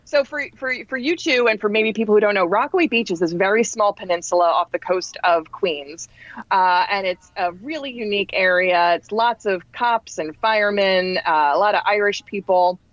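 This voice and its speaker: A woman in her forties from New Jersey, a podcast guest telling a story in a chatty, animated way with fillers. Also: mid-range voice, normal speed, dry recording, lo-fi sound. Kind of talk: casual storytelling.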